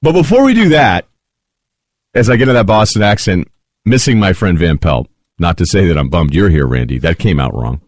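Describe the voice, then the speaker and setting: A man's voice: sits low, fairly quick, dry recording. A man hosting a sports talk radio show in a studio, talking in a joking, casual way. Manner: lively, joking, animated. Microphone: studio microphone.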